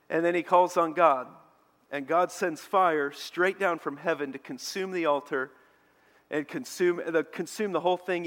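A man preaching a sermon as a pastor, telling a story with animated energy. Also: on the high side. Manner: animated storytelling preacher, mocking shouts in quoted lines. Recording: long hall reverb.

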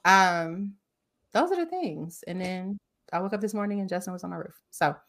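A woman with a lowish voice shares candid personal stories in casual group chat. Her telling is animated and open, as a co-host talking with friends. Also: moderate pace, crowd noise.

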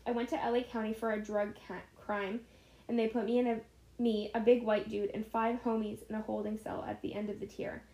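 A woman's voice: fairly high pitch, level tone, a little fast, dark tone. A woman co-hosting a podcast, reading a story aloud casually, giggling and stumbling over words. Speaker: podcast co-host reading stories. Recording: echoey room.

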